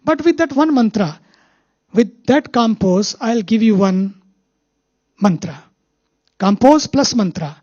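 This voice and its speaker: A spiritual teacher with an Indian English accent gives a talk built on anecdotes, repeating key phrases slowly for emphasis. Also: medium pitch, animated, darkish tone, no echo, lo-fi sound.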